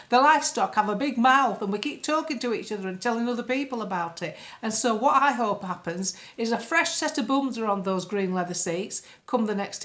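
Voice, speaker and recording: A British woman speaks casually to camera as a political commentator, blunt, sarcastic and frequently annoyed. Her voice is a little high with a fairly bright tone.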